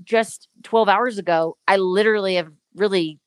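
A woman's voice: mid-range voice, normal speed, dry recording. A woman co-hosting a podcast, telling her own story in a candid, reflective way. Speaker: podcast co-host. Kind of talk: casual podcast chat.

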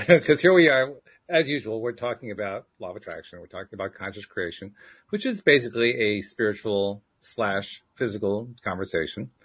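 A man hosting a podcast in easygoing casual conversation, quick to laugh. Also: on the low side, animated, a bit bright, slightly rough. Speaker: podcast host.

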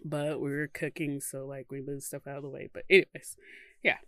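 A low-pitched woman chatting casually as a podcast co-host, her voice bright and clear. She swears freely, leans on "like," and her pitch moves around a lot. The recording is dry and close. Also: flat delivery, fairly quick, no echo. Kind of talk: casual chat.

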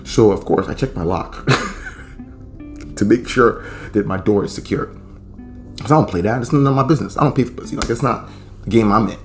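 A man's voice: on the low side, moderate pace, long pauses, faint music behind. A young man hosting a podcast, telling a story in a laid-back, profane, rambling way. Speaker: podcast host. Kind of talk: casual storytelling.

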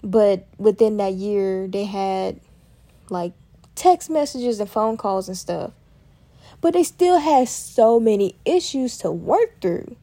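Chatty woman podcaster, mellow voice. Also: medium pitch, takes it slowly. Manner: chatty, lively, uses y'all and Southern phrasing. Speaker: podcast host. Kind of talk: casual solo podcast chat.

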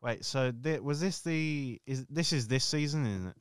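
A man's voice: mid-range voice, normal speed, clean tone, no room sound, studio quality. A teenage man trading blunt, teasing banter with friends on a casual podcast. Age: late teens. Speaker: podcast co-host. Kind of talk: casual chat among friends.

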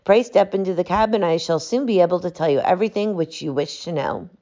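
A woman voicing a calm, shrewd gentleman detective who speaks in a bland, smooth and assured way. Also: lowish voice, fast talker. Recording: dull lo-fi audiobook recording.

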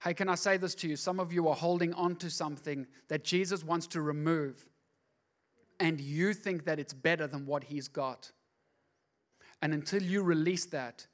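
High-voiced pastor preaching. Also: male voice, moderate pace. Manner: shifts from hushed, intimate asides to loud, driving preaching; repeats words for emphasis. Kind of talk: sermon.

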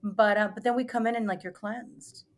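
A woman's voice: mid-range voice, steady tone, normal speed, slight background noise. A young adult woman, a spiritual retreat guide, telling stories earnestly in a casual podcast talk with many fillers. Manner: earnest, rambling, filler-heavy storytelling.

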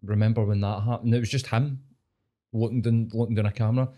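A young Scottish man, a podcast co-host, telling a story in sweary, lively casual chat. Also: fairly low pitch, quick pace. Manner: sweary, storytelling, animated impressions.

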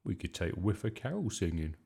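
A man's voice: low voice, sing-song, fairly quick, gravelly, dark tone, slightly rough, full character voice. A man reading aloud and voicing a mischievous young schoolboy who pleads and explains himself. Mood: scheming. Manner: pleading, stammering when in trouble.

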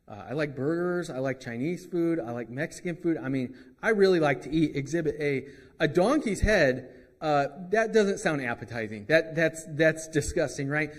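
A man's voice: fairly high pitch, animated, moderate pace, long reverb tail. A man preaching a sermon as pastor, in a conversational way with joking asides.

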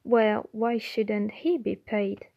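A woman's voice: mid-range voice, little pitch movement, takes it slowly, vocal fry, highs cut off. A woman reading the lines of a curious, polite teenage boy wizard in a plain, questioning tone.

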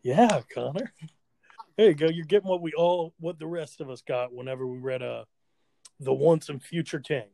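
A man's voice: fairly high pitch, normal speed, gravelly, mellow, dry recording. A man in his twenties co-hosting a podcast, bantering casually and laughing mid-sentence as he riffs. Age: 20s. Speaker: podcast co-host.

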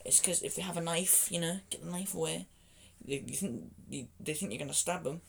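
A man, co-hosting a casual podcast chat, rambling, excitable and quick to laugh as he jumps between topics. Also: fairly high pitch, gravelly, slight background noise. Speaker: podcast co-host.

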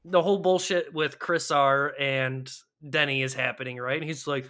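A man's voice: mid-range voice, steady tone, normal speed, pushed and bright. A man co-hosting a casual podcast, retelling scenes with swearing and playful impressions of the characters. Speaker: podcast co-host.

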